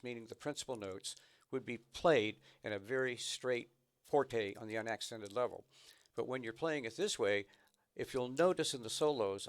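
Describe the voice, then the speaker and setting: A man teaching snare drum technique, patiently explaining and counting rhythms aloud between demonstrations. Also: medium pitch. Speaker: drum instructor. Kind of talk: instructional demonstration.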